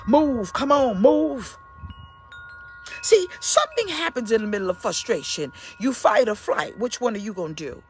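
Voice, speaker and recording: A woman pastor preaching an impassioned sermon in a husky voice, at times bursting into shouts. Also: medium pitch, huge pitch swings, fairly quick, few pauses, soft background music. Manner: impassioned, calls listeners baby, bursts into shouts. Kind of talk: fiery sermon.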